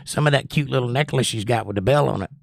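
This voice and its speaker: A man's voice: mid-range voice, fast, creaky, no echo. Guy hosting a chill livestream, rambles and reads chat, dry voice no room sound. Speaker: livestream host. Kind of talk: casual chat reading viewer comments.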